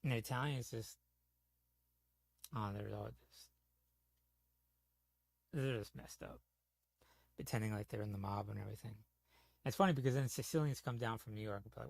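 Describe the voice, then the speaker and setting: A man's voice: on the low side, steady tone, fairly quick, vocal fry, long pauses, dry recording. A man chatting casually on a gaming stream, telling rambling, profane stories full of "you know". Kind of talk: casual storytelling chat.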